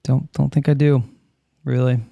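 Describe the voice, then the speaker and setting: A man's voice: mid-range voice, little pitch movement, moderate pace, gravelly, dark tone, dry recording, highs cut off. A man co-hosting a casual podcast, joking and reading out listener comments. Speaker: podcast co-host.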